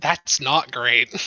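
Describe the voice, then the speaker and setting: Bright, animated woman game master. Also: extremely low pitch, dry recording, muffled recording. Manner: giggly, animated narration. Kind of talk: narrating a tabletop game.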